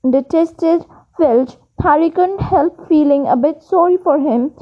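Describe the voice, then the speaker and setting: A woman's voice: sits high, muffled recording. A woman reading a storybook chapter aloud, stumbling and restarting words now and then. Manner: unpolished reading with frequent restarts. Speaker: audiobook reader. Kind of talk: read-aloud storybook narration.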